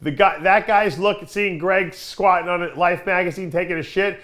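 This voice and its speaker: A man co-hosting a casual podcast, teasing his guest with quick interjections. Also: high-pitched, steady tone, a bit bright. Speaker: podcast co-host. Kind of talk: casual chat.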